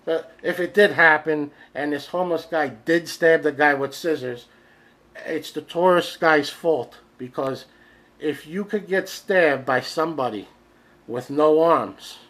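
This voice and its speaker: A man rants through strange news stories on a comedy podcast, his bright, slightly high voice full of disbelief. He swears freely and sometimes shouts as he acts out the people involved. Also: low-quality recording. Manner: incredulous, ranting, profane. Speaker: podcast host. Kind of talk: comedic rant.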